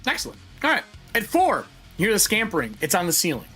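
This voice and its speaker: Man, game master, tabletop session, animated pitch, faint music behind. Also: quick pace. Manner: lively, laughing, casual.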